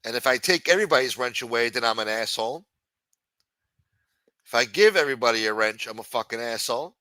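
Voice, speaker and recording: A man's voice: medium pitch, lively intonation, fast, bright, forceful tone, no room sound. A man hosting a livestream, ranting with frequent swearing and exasperation. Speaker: livestream host.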